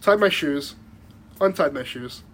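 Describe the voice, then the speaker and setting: A man's voice: on the high side, animated, a little slow, a bit bright, a little hiss or hum. A young man telling a rambling story in casual podcast chat, full of likes and restarts and laughing as he goes. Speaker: podcast guest.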